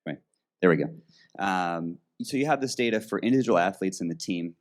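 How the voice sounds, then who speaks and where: A man in the audience with a low voice asks a rambling question. He restarts his sentences often and leans on "like" as he works toward his point. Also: animated. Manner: halting, restarts, many "like" fillers. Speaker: audience member asking a question. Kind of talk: casual question.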